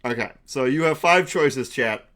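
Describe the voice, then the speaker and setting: Young man, game master, live-stream narration, casual, lots of ums, mid-pitched voice. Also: unhurried, fairly bright tone. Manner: chatty, laughing, full of fillers.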